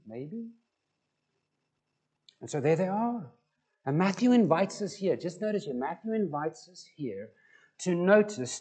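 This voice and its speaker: A man's voice: a little high, a little mellow, husky. A man preaching a conversational sermon and putting questions to the congregation. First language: Afrikaans. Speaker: pastor.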